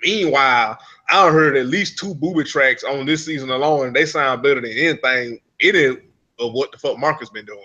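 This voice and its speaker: A man's voice: medium pitch, a little fast, bright, forceful tone, dull audio. A man casually recapping a reality show, rambling and profane, laughing often. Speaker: podcast co-host.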